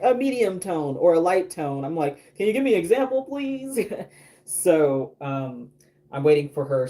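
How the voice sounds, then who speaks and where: A man talks through his craft work on a casual livestream, rambling along with plenty of ums and restarts. His voice is mellow and warm, never bright. His pitch sits in a middle range. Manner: rambling, chatty, many fillers and restarts. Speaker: doll artist painting on a livestream. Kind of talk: casual livestream chat while working.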